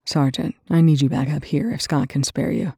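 A woman voicing a weary, gruff male military colonel who speaks in dry, curt lines. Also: deep voice, steady tone, normal speed, warm tone, no room sound, heavily acted.

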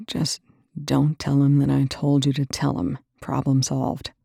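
A woman voicing a weary, gruff male military colonel who speaks in dry, curt lines. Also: a bass voice, monotone, a little slow, warm tone, dry recording, exaggerated voice.

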